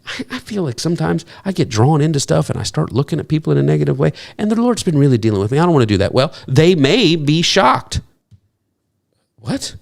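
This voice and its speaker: A man preaching a sermon as pastor, talking in a conversational, humorous way and jumping up in pitch to act out what people might say. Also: fast, vocal fry, hardly any pauses. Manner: animated, jumps into high-pitched acted quotes; conversational, self-deprecating humor.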